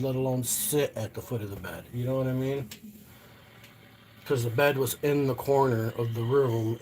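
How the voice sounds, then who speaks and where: A man's voice: mid-range voice, a little hiss or hum. A middle-aged man telling a story on a live stream in a loose, profane, rambling way, often asking "you know what I mean".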